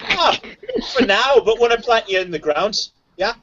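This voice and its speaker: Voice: mid-range voice, lively intonation, moderate pace, fairly bright tone, muffled recording. A player in a tabletop game, playful and joking, laughing often. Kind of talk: tabletop role-play banter.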